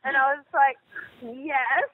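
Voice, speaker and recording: Chatty high-voiced woman on a phone line. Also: slow pace. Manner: chatty, animated, full of fillers and quoted dialogue. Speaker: interview guest, singer. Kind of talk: casual storytelling in an interview.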